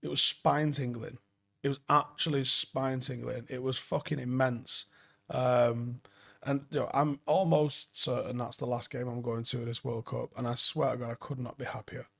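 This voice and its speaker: A man in his forties talks through a late-night football live stream, rambling from one viewer comment to the next. He swears often and sounds enthusiastic. His voice is gravelly and sits at a middling pitch. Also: level tone, normal speed.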